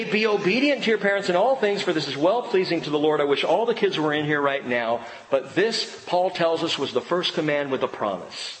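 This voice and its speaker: A middle-aged male pastor preaching a sermon with animated delivery, acting out the voices of children and parents. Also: fairly high pitch, a little hiss or hum. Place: church sanctuary. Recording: long reverb in a large hall, faint background ambience.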